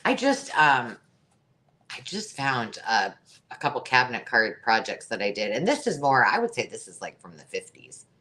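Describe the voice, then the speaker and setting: A woman's voice: rumbling low, sing-song, normal speed, sharp tone. A woman hosting a live online sale, chatty and jokey, laughing at her own remarks. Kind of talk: live-stream sales chat.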